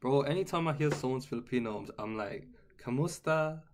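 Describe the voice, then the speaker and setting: A man's voice: mid-range voice, lively intonation, fast talker. A man chatting casually with viewers on a live guitar stream and reading their comments aloud.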